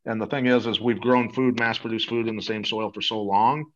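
A man's voice: lowish voice, level tone, fairly quick, a bit bright, lo-fi sound. A man talking as an interview guest, eager and salesy, rambling with many restarts. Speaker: guest promoting a supplement. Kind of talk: casual interview talk.

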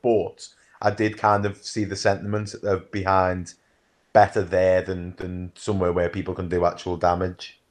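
A man hosts a podcast in a relaxed, chatty way. His voice sits a little low. He asks his questions as part of a casual conversation. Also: moderate pace. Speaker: podcast host. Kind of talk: casual interview chat.

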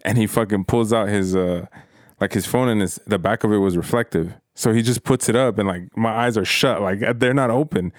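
Laid-back swearing man, low voice. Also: brisk, dry recording, clean studio sound. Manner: laid-back, swears a lot, lots of fillers. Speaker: podcast guest. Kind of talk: casual storytelling chat.

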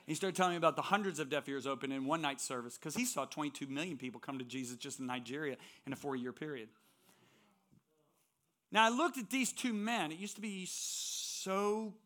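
This man, a guest preacher at a church, gives a sermon built around personal stories, telling them emphatically. His voice is a little high and fairly bright.

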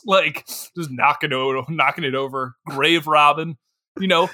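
A man's voice: on the high side, normal speed. A young man co-hosting a comedic movie review podcast, riffing casually and acting out silly voices. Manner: animated, acts out silly voices for characters. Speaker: podcast co-host.

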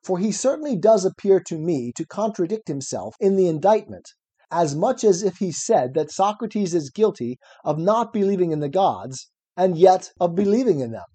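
A man's voice: high voice, big pitch swings, normal speed, warm tone, husky, exaggerated voice. A man reading aloud as an elderly male philosopher defending himself at trial, ironic and probing. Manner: cross-examining, probing, ironic. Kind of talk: reading a classic dialogue aloud.

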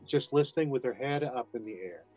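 With faint music in the background, a man with a mid-range voice speaks briskly. He's a voice actor being interviewed, spinning casual anecdotes and performing the quotes of the people in them.

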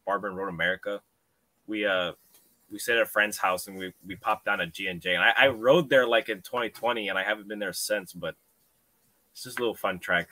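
A man's voice: on the low side, fairly even intonation, fairly quick, sharp tone. A young man, a motorcycle racer guest, chatting loosely with lots of fillers. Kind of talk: casual chat.

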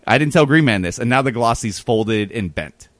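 A man's voice: medium pitch, normal speed, dry recording. Rambling man telling a story. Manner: rambling, animated, many fillers. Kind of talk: casual storytelling.

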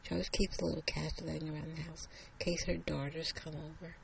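A storyteller telling a suspense story slowly, dropping into whispers at tense moments. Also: mid-range voice, level tone, creaky, over a noisy crowd, poor audio. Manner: slow, suspenseful narration with hushed whispers. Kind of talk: told story.

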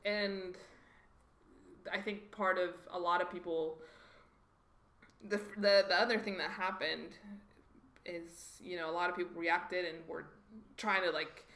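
A woman from Mexico, telling personal stories in a lively conversational way and acting out the voices of others. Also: on the low side, a little slow, long pauses. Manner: animated, acts out quoted voices. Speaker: guest. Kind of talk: conversational storytelling. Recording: roomy echoey room.

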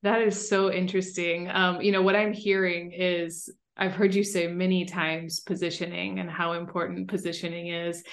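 A woman's voice: on the low side, flat delivery, normal speed, few pauses. A woman hosting a podcast interview, reflecting back on what her guest says and asking follow-up questions. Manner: reflective, sums up the guest's points. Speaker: podcast host. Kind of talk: conversational interview.

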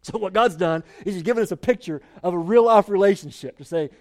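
A man's voice: high-pitched, fast talker, few pauses. A male pastor preaching a sermon in an emphatic, conversational way, often cutting in with "listen".

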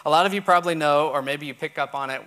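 A man's voice: a little high, fast, pushed and bright, clean tone. A man from Texas with a Texan accent, preaching and teaching, who repeats key points and checks that listeners follow. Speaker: pastor. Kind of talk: sermon teaching.

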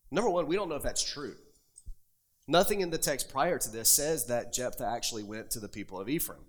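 A man's voice: medium pitch, lively intonation, brisk. A man preaching a sermon, reading scripture aloud and pressing his points with rising emphasis. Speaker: pastor.

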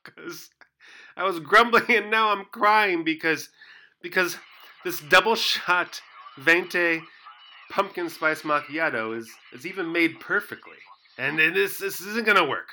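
A man acting as a frantic, melodramatic police officer in a comedy sketch, stammering and yelling in panic. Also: a little high, measured pace, a little hiss or hum, poor audio.

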